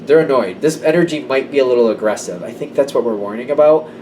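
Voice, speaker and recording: A man's voice: mid-range voice, fast talker, mellow, distant mic, slight background noise, low-quality recording. A man giving a casual tarot reading to camera, conversational and emphatic. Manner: conversational, emphatic, slips into quoted voices. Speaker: tarot reader.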